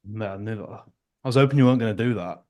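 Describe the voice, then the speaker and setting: In a casual podcast chat, a man who works as an online fitness coach jokes at his own expense. He speaks quickly, with a fairly low pitch and a dark tone.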